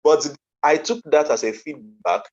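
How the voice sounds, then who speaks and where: A man with a Nigerian accent speaks as a coach at a conference, delivering an earnest motivational talk with emphasis and repeated key phrases. His voice is fairly high, his intonation lively and his pace measured. The audio is dull, lo-fi online conference sound.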